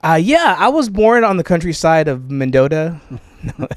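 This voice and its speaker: A man's voice: on the high side, big pitch swings, normal speed, dry recording. A middle-aged man from California's Central Valley, a podcast producer interviewing his host in a casual, joking way, laughing often and restarting his sentences. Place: home podcast studio.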